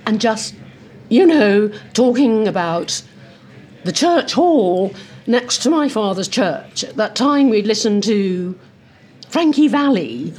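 A woman guest talking animatedly over lunch in a restaurant, telling stories and slipping into impressions. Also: medium pitch. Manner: lively storyteller who slips into impressions. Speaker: interview guest.

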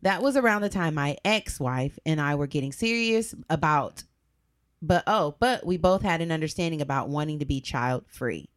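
A woman co-hosts a casual podcast, chiming in with quick jokes and reading posts aloud. Her voice sits on the low side and swings widely in pitch, and it is recorded dry and close. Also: no echo. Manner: lively, joking interjections. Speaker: podcast co-host.

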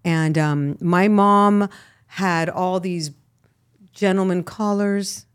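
A middle-aged woman from Miami, a guest actress, chatting casually in an interview and telling animated stories with frequent laughs. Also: on the low side, slow pace, clean tone. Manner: animated storyteller, laughs often, lively asides.

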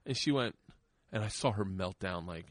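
A man's voice: low-pitched, normal speed, no room sound, studio quality. Profane laughing storyteller man. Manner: profane, laughing storyteller who acts out quotes. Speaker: podcast host. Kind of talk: casual podcast chat.

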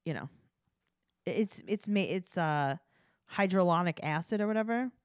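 A woman's voice: lowish voice, lively intonation, normal speed, smooth, dry recording, studio quality. Sarcastic woman recapping reality TV. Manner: sarcastic, acts out voices of people on the show. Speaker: podcast co-host. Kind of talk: casual chat recapping reality TV.

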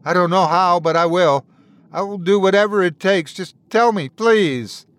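A man playing a heartbroken old widower, crying and begging. The voice climbs high and strained as he pleads, in a horror storybook reading. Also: animated, measured pace, fairly bright tone, no echo. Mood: desperate pleading.

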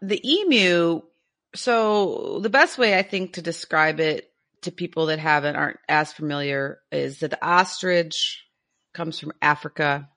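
Bright-voiced, enthusiastic woman podcaster. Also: low voice, a little slow. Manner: chatty and enthusiastic, laughs often. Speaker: podcast co-host. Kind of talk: casual podcast chat.

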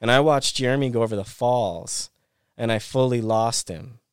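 A middle-aged man speaks at an ordinary pitch with a smooth, clear tone, recorded close and dry with no room sound. He tells his story as a podcast guest, circling back and repeating himself as the details pour out. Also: normal speed, no room sound. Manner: animated retelling full of restarts and repeated phrases. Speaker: podcast guest, former pro snowboarder. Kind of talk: casual storytelling interview.

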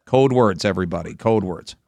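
A man co-hosting a talk radio show, telling stories in animated, casual banter and acting out the voices of people he quotes. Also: low-pitched, brisk, vocal fry, dry recording.

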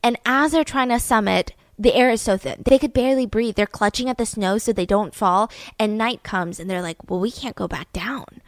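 A young woman hosting a storytelling podcast, narrating in an animated way and acting out quotes. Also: a little high, a little fast, hardly any pauses, no room sound. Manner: animated, acts out quotes with laughs. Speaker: podcast host.

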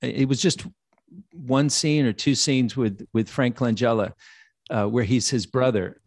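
A man in his sixties, a guest actor telling lively anecdotes in a podcast interview, acting out the voices of people in his story. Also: medium pitch, a little slow, no room sound, clean studio sound. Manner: animated anecdote teller, acts out quoted voices.

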